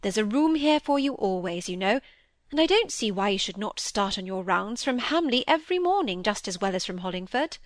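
Woman voicing a genteel lady, kindly, gentle, coaxing, dry close sound. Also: medium pitch, big pitch swings, fairly quick, dry recording, lightly acted.

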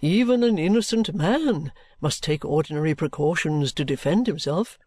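A man voicing a kindly older gentleman guardian who speaks slowly and earnestly. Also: a little high, animated, no echo, pitched below the performer's own voice.

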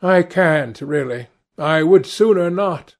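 A man's voice: a little high, expressive, slow, pitched above the performer's own voice. A man voicing an anxious, earnest painter who pleads sorrowfully. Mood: pleading.

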